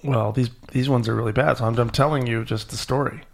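A man hosting a podcast, retelling a myth to a child in an animated, storytelling way. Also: mid-range voice, quick pace, gravelly. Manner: animated storyteller, acting out characters. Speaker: podcast host.

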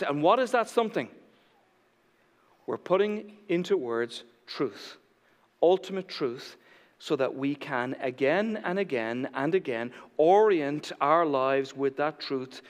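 A male pastor preaching a sermon with passion, swinging between loud declarations and hushed emphasis. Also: on the high side, in a large hall. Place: church sanctuary.

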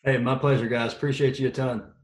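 A man in his thirties talking as a podcast guest, energetic and joking as he tells stories. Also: medium pitch, quick pace. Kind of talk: casual podcast conversation.

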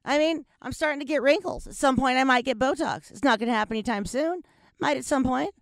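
A woman's voice: high voice, fast talker, gravelly, dry recording, studio quality. A woman in her forties hosting a podcast, chatting candidly, laughing often and swearing freely. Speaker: podcast host. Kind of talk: casual chat.

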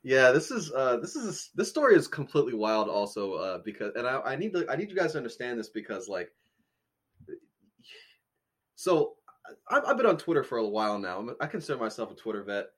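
A man co-hosting a podcast in loose, casual chat. He tells stories in an animated way, breaks into laughter and keeps a mid-range pitch. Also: brisk, breathy edge. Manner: animated, laughing storyteller reading out quotes. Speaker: podcast co-host.

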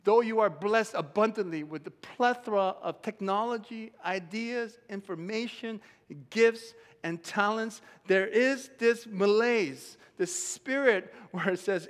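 A man preaching a sermon as a pastor, emphatic and rising to loud shouts. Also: high voice, animated, measured pace, hardly any pauses. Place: church sanctuary. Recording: long hall reverb.

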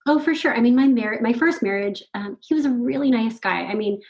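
A middle-aged woman, a podcast guest, telling a personal story in casual conversation, animated and laughing often. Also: a little high, a little fast, lo-fi sound. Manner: animated, laughs often, quotes her own thoughts.

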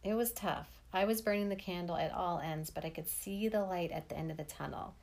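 A woman's voice: lowish voice, a little fast, gravelly, darkish tone. A woman in her thirties narrating her own memoir in a plain, wry manner. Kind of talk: first-person memoir storytelling.

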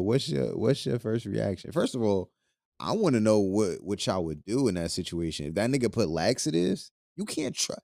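A man's voice: on the low side, sing-song, fairly quick, gravelly, a little mellow, no echo, studio quality. A young man hosting a casual podcast, talking loosely with lots of profanity and laughing between lines. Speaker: podcast host. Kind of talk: casual solo podcast commentary.

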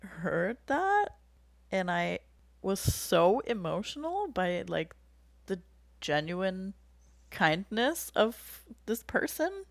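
A woman's voice: on the low side, gravelly, no echo. A young woman telling a personal story in casual conversation, candid and emotional, often laughing as she speaks.

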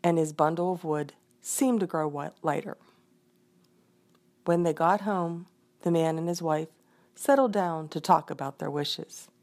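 A woman reading a folk tale aloud in an expressive storytelling manner. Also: sits low, measured pace. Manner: expressive, voices the characters.

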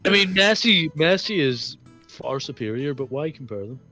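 A man's voice: a little high, expressive, normal speed, bright, forceful tone, faint music behind. A man co-hosting a casual podcast, making offhand, dry remarks in banter with friends. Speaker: podcast co-host.

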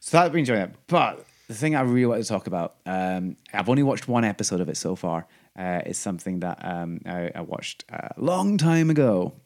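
A man with a fairly low voice co-hosts a casual podcast chat. He rambles and restarts his sentences, piles on fillers, and lights up with enthusiasm when he talks about what he enjoys. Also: lively intonation, brisk, hardly any pauses. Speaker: podcast co-host.

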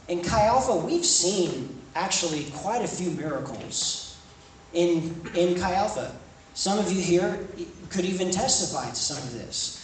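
High-voiced young preacher, echoey room. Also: male voice. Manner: conversational, rising to emphatic. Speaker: preacher at a campus ministry. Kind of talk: sermon. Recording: echoey room, distant mic, faint noise.

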